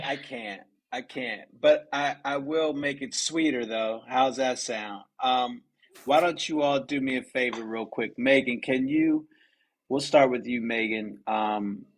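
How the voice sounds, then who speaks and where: A male podcast host with a mid-range voice who speaks slowly. He is easygoing and draws out his guests with questions. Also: medium pitch, rough recording. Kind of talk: casual podcast hosting.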